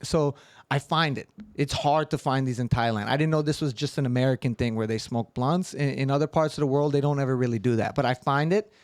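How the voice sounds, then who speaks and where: A man's voice: mid-range voice, a little fast, a little mellow, no echo, studio quality. A young man casually telling a long, rambling story as a podcast host. He swears often and acts out the lines he quotes.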